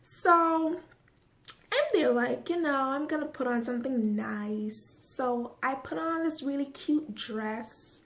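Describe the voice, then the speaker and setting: A woman vlogger telling a casual story to camera, animated and full of swearing, tying it together with "so" and "like". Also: sits high, slow pace. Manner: animated, profane storytelling with frequent "so" and "like".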